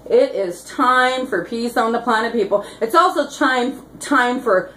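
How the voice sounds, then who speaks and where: A woman's voice: on the high side, a little slow, pushed and bright, echoey room, a little hiss or hum, low-quality recording. A woman activist giving a fired-up, rambling vlog monologue, full of rhyming catchphrases and giggling asides. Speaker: activist vlogger.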